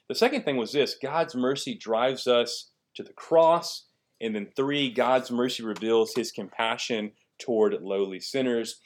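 A man's voice: mid-range voice, measured pace. A man in his thirties, a pastor teaching a Bible lesson and asking the listeners questions as he goes. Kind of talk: sermon.

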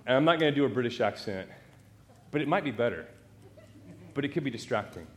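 A man preaching a sermon, animated and talking straight to the congregation with rhetorical questions. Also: medium pitch, fast, slight background noise. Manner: asks the audience rhetorical questions; animated, talks straight to the crowd.

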